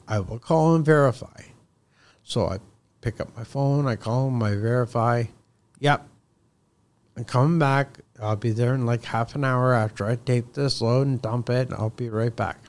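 A man's voice: mid-range voice, unhurried, pauses often, darkish tone. A contractor guest on a podcast, telling a story in casual talk, heated and profane, acting out both sides of his phone calls.

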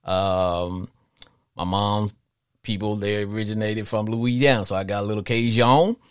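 A middle-aged man from Arkansas hosting a call-in sports podcast, talking in an animated, rambling way with frequent restarts. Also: on the low side, normal speed, smooth, dry recording, studio quality.

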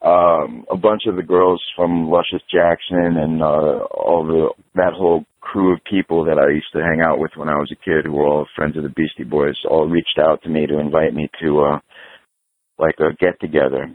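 A middle-aged New York hardcore punk musician with a rumbling low voice guests and casually tells a profane story at a moderate pace, animatedly acting out the dialogue. The remote audio is dry and phone-like, with no room sound.

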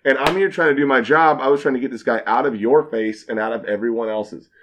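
A man's voice: medium pitch, quick pace, fairly bright tone. A man, a bartender guest on a podcast, telling a story in casual chat, acting out quotes and swearing freely.

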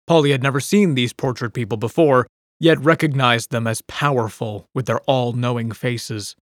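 In a measured, even storytelling style, a man narrates a chapter of an audiobook from a script. His voice sits in the mid range, and the studio recording is clean with no echo.

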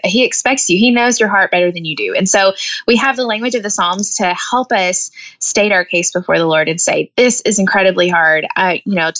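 A woman's voice: medium pitch, fairly bright tone. A woman author as a guest, explaining with earnest, thoughtful talk and light laughs. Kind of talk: faith-based podcast interview.

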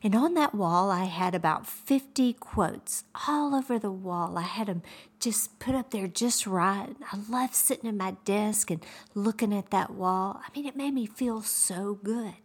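A woman's voice: mid-range voice, measured pace, husky. Upbeat lady podcast host, encouraging devotional talk, drops to a whisper sometimes, midrange voice. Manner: warm, upbeat, encouraging, with soft whispered asides.

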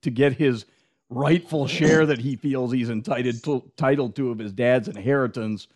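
A man's voice: mid-range voice, normal speed, darkish tone. A man co-hosting a casual podcast chat, retelling movie scenes with quoted lines and laughter. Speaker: podcast co-host.

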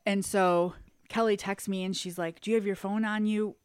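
A woman co-hosting a podcast in casual chat, telling a story with lively energy and acting out quotes in high squeals. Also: normal speed, clear, resonant tone, no echo, studio quality. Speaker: podcast co-host.

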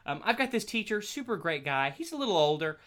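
A man's voice: high voice, very animated, quick pace, a bit bright. A young man, a college student, telling a casual story in a rambling way, laughing often and restarting his sentences.

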